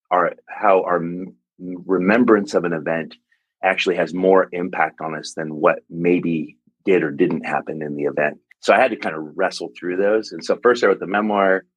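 A man in his forties, a pastor and author, telling a personal story in an interview, earnest and reflective with halting restarts. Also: low-pitched, slightly rough, no room sound, rough recording. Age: 40s.

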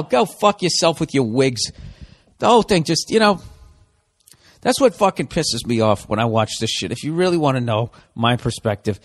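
Hosting his podcast, a middle-aged man delivers a foul-mouthed comic tirade that veers from shouting to muttering under his breath.

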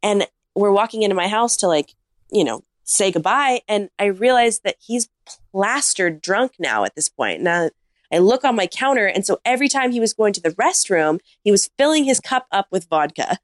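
A woman, a podcast guest, telling a comic story in a casual, animated way with lots of "like.". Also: mid-range voice, moderate pace, no echo, studio quality. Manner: animated anecdote-teller, heavy use of "like".

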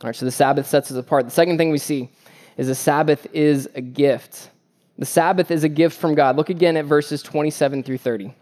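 A man's voice: fairly high pitch, steady tone, fairly quick, a little mellow. A man preaching a sermon as pastor, earnest and emphatic, with repeated phrases and joking asides about family life.

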